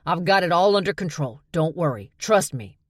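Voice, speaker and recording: A woman narrator throws on an overconfident young man. He sounds loud, hurried and reassuring, full of bluster. The reading is dry and close. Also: on the low side, expressive, husky, dry recording.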